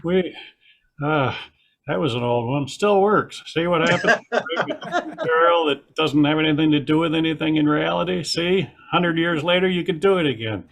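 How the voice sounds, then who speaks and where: A man's voice: fairly high pitch, expressive, moderate pace, creaky, background noise. An older man doing a dry, self-deprecating stand-up set over a video call. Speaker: stand-up comedian.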